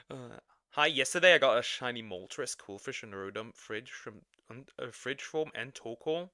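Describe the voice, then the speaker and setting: A man with a non-native English accent chats on a livestream, rambling and restarting his sentences. His voice is bright and crisp with a lot of swing in pitch, and it sounds close and dry. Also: measured pace, no echo. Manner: rambling, animated, laughs often, restarts sentences. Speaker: streamer reacting to videos and chatting. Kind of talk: casual livestream chat.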